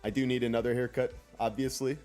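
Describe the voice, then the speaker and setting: A man's voice: mid-range voice, little pitch movement, fast talker, darkish tone. A young man streaming a game, chatting casually with his viewers, joking around and reading out chat messages in silly voices. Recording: faint music behind.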